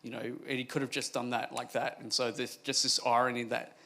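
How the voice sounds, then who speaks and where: Gravelly, bright-voiced man comedian. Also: medium pitch, little pitch movement, fairly quick. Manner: jokey storytelling, loose and rambling. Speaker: comedian panelist. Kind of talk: panel discussion.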